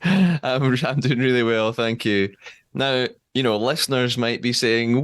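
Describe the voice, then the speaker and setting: A young man hosting a podcast, reading a scripted intro and then interviewing a guest with quick laughs. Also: medium pitch, expressive, clean tone, no echo, clean studio sound. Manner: upbeat, laughs often. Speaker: podcast host.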